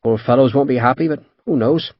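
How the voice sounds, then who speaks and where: A man voicing a brisk, eager naval captain with a Devon accent in an audiobook, urgent and commanding. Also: medium pitch, no echo, highs cut off, natural voice. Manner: urgent, commanding, brushes others aside. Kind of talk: audiobook character voice.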